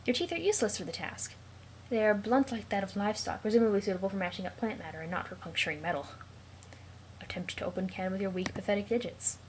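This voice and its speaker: A woman hosting a let's play, reading a web comic aloud in a playful, mock-dramatic way with quick joking asides. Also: mid-range voice, slight background noise, low-quality recording. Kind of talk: casual comic read-along with asides.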